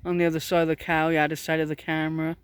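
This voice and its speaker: A woman's voice: low-pitched, level tone, rapid-fire, clean tone. A woman vlogging outdoors in a pasture, chatting to cows and donkeys in a coaxing, baby-talk way while filming on a handheld camera. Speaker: vlogger filming farm animals.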